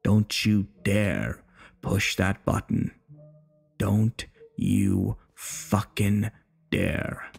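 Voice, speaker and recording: Low, gravelly, crude old veteran, hostile and menacing, slow and profane, voiced by a man in a story reading. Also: sing-song, a little mellow, exaggerated voice. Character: bitter, crude, hostile older male war veteran.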